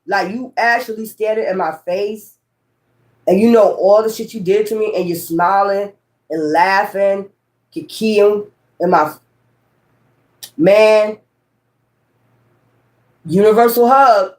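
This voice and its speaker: A woman's voice: mid-range voice, unhurried, pauses often, a little mellow. Blunt, profane woman tarot reader. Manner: repetitive, talks straight to viewers. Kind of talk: casual tarot reading chat.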